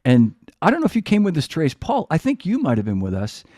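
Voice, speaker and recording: A man hosting a casual podcast, reminiscing in a relaxed, conversational way. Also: fairly high pitch, quick pace, no echo, clean studio sound. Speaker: host.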